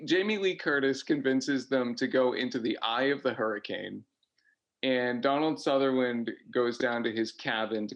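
A man's voice: medium pitch, highs cut off. A man co-hosting a podcast, chatting casually about a film, rambling with lots of fillers and restarts. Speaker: podcast co-host. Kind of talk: casual movie review chat.

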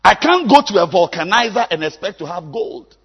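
A man, preaching a sermon as a pastor, swinging from low musing to loud exhortation. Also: sing-song, fairly quick, slightly rough. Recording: long hall reverb.

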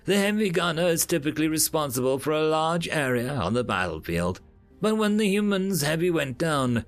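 A man's voice: on the high side, sing-song, moderate pace, soft background music, voice pushed up. A man doing a reasoning alien tactician. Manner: explanatory, reasoning aloud.

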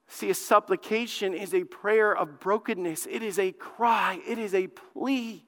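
A male lead pastor preaching a sermon, fervent, dropping to a hushed plea and then rising loud, and often repeating words as he builds a point. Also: sits high, unhurried, few pauses. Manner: fervent, swings from hushed pleading to loud outbursts. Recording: long hall reverb.

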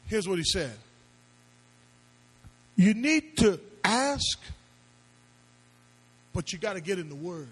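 Man, pastor, sermon, high voice, husky, rhetorical questions, shouted appeals. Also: big pitch swings, slow, long pauses, rough recording.

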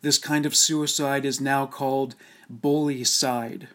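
A man reading a scripted documentary narration in a steady, measured, solemn way. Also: medium pitch.

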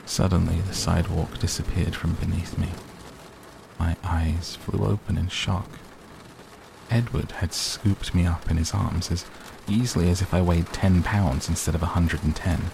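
A man reads a novel aloud at a measured, unhurried pace. His voice is very low with a gravelly edge. A constant hum sits under the recording. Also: fairly even intonation. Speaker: narrator. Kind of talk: audiobook narration.

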